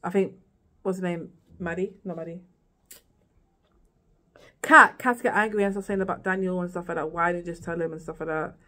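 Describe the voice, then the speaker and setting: A woman's voice: fairly low pitch, steady tone, brisk, long pauses, pushed and bright. Chatty woman rambling through a recap. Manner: chatty, rambling, with frequent "like" and "girl" asides. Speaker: vlogger reviewing a TV series. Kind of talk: casual chat recap.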